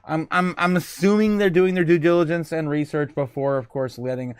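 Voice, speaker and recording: A man with a fairly high voice hosts a casual livestream, chatting loosely. He laughs often, reads viewer comments aloud and fills his talk with ums and uhs. The sound is dry and close to the mic. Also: steady tone, a little fast, clear, resonant tone, no room sound. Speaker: host.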